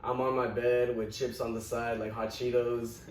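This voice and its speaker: A man recounts a story in a relaxed, animated way, laughing through his words. His voice sits at an ordinary pitch. He is caught from a distance in an echoey room with faint background noise. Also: normal speed. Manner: animated anecdote, often laughing mid-story. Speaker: podcast guest. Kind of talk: casual storytelling chat.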